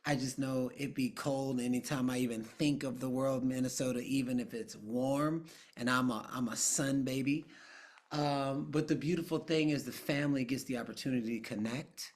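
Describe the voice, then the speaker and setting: A middle-aged man talking casually on a live coaching call, guiding listeners through a quiet exercise. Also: medium pitch, steady tone, normal speed. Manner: conversational, drifting into hushed guided prompts. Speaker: coach and trainer.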